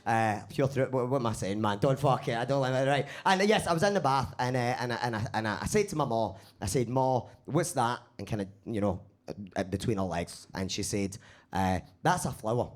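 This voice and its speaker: A man with a Glaswegian accent performing a live stand-up set in a basement comedy club. He swears freely and talks in an animated way. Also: mid-range voice, brisk. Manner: swearing, animated, laughs at own jokes.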